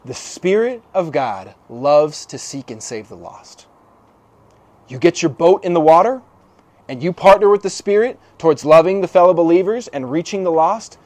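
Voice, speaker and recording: A young man preaching a sermon, telling a personal story in a casual, animated way with slang and quick restarts. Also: on the high side.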